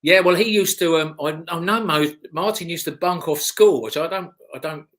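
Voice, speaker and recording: A man's voice: on the high side, normal speed, fairly bright tone. A middle-aged man, a former motocross racer telling rambling, chatty stories as an interview guest. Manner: rambling, chatty, with restarts and chuckles. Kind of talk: casual anecdotal storytelling.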